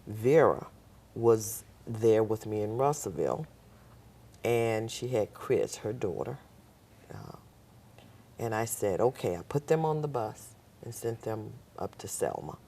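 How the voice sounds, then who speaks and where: A woman's voice: rumbling low, lively intonation, unhurried, warm tone, slight background noise. An older woman, a guest on a talk show, telling a personal story and acting out the voices of the people in it.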